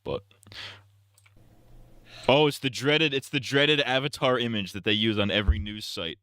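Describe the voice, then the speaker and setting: A man's voice: medium pitch, normal speed, a bit bright, clean tone, no room sound. A man streaming and casually reacting to a video, with crude, mocking banter.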